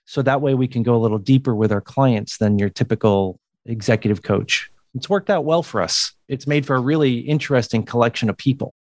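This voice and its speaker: A man's voice: medium pitch, a little fast, hardly any pauses, dry recording. A man from the United States, a communication coach, explaining things in a podcast interview with occasional laughs.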